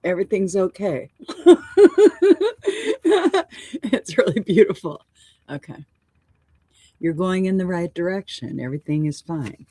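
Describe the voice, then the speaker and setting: A woman hosting a live oracle card reading. She speaks gently and affirmingly, wandering and restarting phrases as she describes what she senses. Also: on the low side, moderate pace, pauses often, no room sound. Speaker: show host and oracle card reader.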